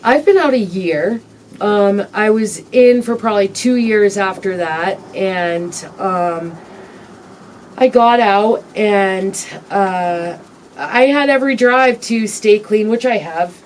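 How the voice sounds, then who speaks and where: A woman as an interview guest, telling her personal story candidly in a halting, reflective way with frequent pauses and ums. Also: medium pitch, recorded from a distance, slight background noise.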